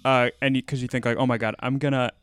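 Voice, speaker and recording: A man's voice: medium pitch, level tone, fast talker, fairly bright tone, smooth, no room sound. A man co-hosting a podcast, rambling casually with many fillers and jokes. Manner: rambling, filler-heavy, jokey. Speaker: podcast co-host. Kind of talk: casual chat.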